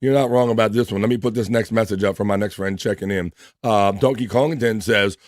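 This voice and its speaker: Speaking briskly in a lowish voice, an East Coast American man runs a casual livestream, reading chat messages out loud and calling out viewers by name with loose, profane banter. The audio is clean studio sound with no room sound.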